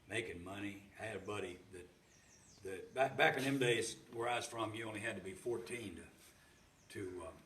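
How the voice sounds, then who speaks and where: A man's voice: on the low side, slight background noise. An older man telling a folksy story in a homespun, rambling way, often repeating his words. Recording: roomy sound from a distant mic.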